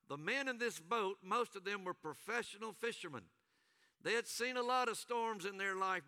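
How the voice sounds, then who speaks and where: Guy preaching slow w dramatic pauses, big hall echo, asks the crowd to repeat stuff. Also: high voice, sharp tone. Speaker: pastor. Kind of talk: sermon.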